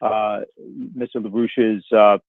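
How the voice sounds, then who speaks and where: A man moderating a conference call, making casual announcements in a halting way with many fillers. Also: on the low side, level tone, no room sound. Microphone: telephone. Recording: narrow phone line.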